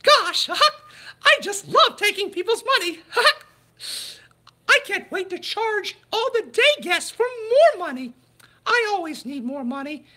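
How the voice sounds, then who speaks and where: A man doing a falsetto impression of a gleeful, greedy cartoon mouse, giggling as he gloats. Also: sing-song, measured pace, sharp tone, full character voice. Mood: gleeful greed. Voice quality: high falsetto.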